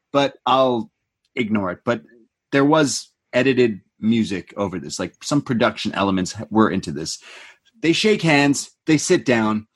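In a husky, mid-range voice, a man co-hosting a podcast gives a lively, casual recap of a wrestling show. He mimics the wrestlers, changing his voice to quote their lines.

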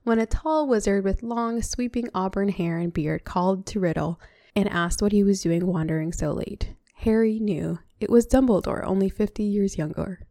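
A woman's voice: medium pitch, moderate pace, dark tone, no echo, clean studio sound. Woman reading a novel aloud, chatty. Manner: chatty, breaks off to comment. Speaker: reader.

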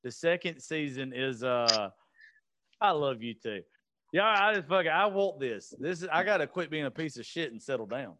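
A man's voice: a little high, expressive, moderate pace, noisy background. Swearing man telling stories. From US South. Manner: rambling storyteller, swears freely. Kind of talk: casual chat.

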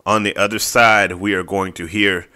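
Bright-voiced male sports podcast host. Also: low voice, moderate pace. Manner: animated, conversational, lots of fillers. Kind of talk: casual solo sports podcast.

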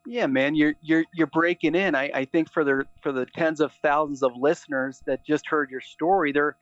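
Enthusiastic host, slightly high voice. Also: male voice, steady tone, moderate pace, no room sound. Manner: enthusiastic, repeats words as he searches. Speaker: podcast host. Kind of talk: casual interview chat. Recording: dull, dry lo-fi sound.

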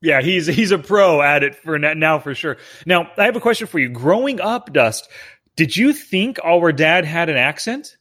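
A man's voice: fairly high pitch, expressive, moderate pace, bright, forceful tone, husky. A man hosting a podcast from a basement, upbeat and chatty in casual conversation. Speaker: podcast host. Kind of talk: casual chat. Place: home basement.

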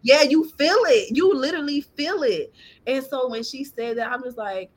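A woman guest on a podcast, joining by video call, sharing an emotional faith testimony in animated, colloquial speech, laughing through tears. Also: high voice, moderate pace.

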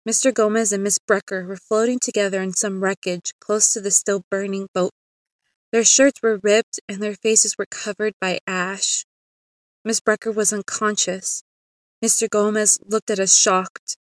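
A woman narrating a spooky story in the first person, in a calm, steady storybook reading. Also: mid-range voice, moderate pace, dry recording.

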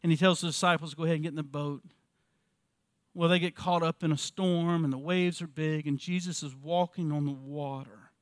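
A man in his fifties with a fairly high voice delivers an earnest church sermon. He asks the congregation rhetorical questions and often repeats words as he goes. The sound is dry and close, with almost no room echo. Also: steady tone, fairly quick. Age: 50s. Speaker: pastor.

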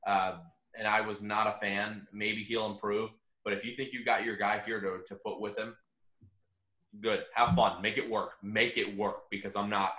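A man chatting casually on a sports podcast, rambling with halting restarts. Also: fairly low pitch, pushed and bright, roomy sound. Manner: rambling, halting, with many fillers. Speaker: podcast co-host.

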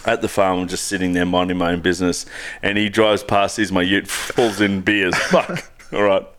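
A young Australian man with a fairly low voice, chatting loosely on a podcast. He swears freely, laughs often and tells his stories in an easygoing, rambling way. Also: steady tone, moderate pace, a bit bright. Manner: laid-back, swears a lot, laughs often. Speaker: podcast co-host. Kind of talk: casual chat.

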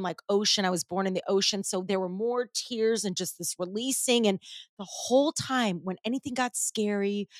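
Animated woman host, dry close sound. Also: medium pitch, no room sound. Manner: animated, swears freely, addresses listeners as guys. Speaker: podcast host. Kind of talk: casual storytelling chat.

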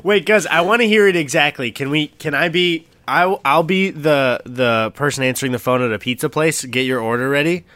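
A man's voice: on the high side, a little fast, hardly any pauses, pushed and bright, dry recording. A young man co-hosting a podcast, chatting in a laid-back, rambling way and laughing often. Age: young adult. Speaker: podcast co-host. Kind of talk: casual chat.

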